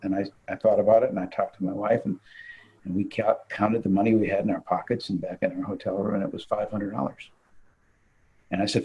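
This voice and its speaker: An older man, a physician, telling an animated anecdote in conversation and laughing as he goes. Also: fairly low pitch, a little fast, husky, low-quality recording. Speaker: guest physician. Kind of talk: storytelling in conversation.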